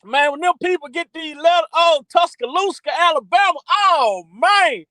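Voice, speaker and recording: A man hosting a livestream, hyping up his chat with loud, repetitive shout-outs. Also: very high-pitched, normal speed, no room sound, rough recording. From Texas by way of Louisiana. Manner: hyped, repetitive, calls out to chat. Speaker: livestream host.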